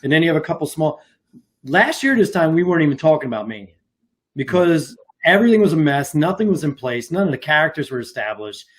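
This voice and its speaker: A man's voice: fairly high pitch, big pitch swings, quick pace. A man co-hosting a wrestling podcast, talking in a rambling, casual way with many fillers and restarts. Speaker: podcast co-host. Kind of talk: casual chat.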